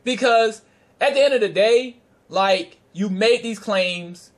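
A man's voice: high voice, slow pace. A man casually telling a story in a vlog, brash and profane, with frequent laughter and trash-talk. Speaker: card game player recounting a tournament.

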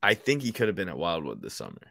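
A man co-hosting a fight-betting show in casual talk. He speaks calmly and drily, often trailing off quieter, and plays the straight man to his excited partner. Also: fast talker, vocal fry. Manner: dry, teasing interjections with a low-key laugh. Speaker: podcast co-host. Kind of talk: casual sports betting chat.

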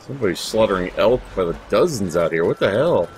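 A man's voice: on the low side, lively intonation, quick pace, a little mellow, a little hiss or hum. A man hosting a let's play, giving casual gameplay commentary, chatty and swearing freely as he talks to his in-game companions. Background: video game music.

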